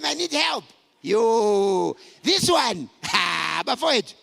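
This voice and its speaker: A middle-aged man speaks to a conference hall in a high, gravelly voice. He tells his stories with lively swings in pitch and bursts of shouting. Long hall reverb hangs on every word. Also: slow. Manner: animated storytelling, shouting for emphasis. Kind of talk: motivational talk to men.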